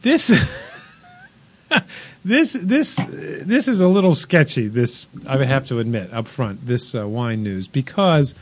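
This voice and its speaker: A man's voice: mid-range voice, big pitch swings, slow pace, a little hiss or hum. A man hosting a casual chat show, reading out wine news with wry jokes and frequent laughter. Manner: wry, joking, laughs often. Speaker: host.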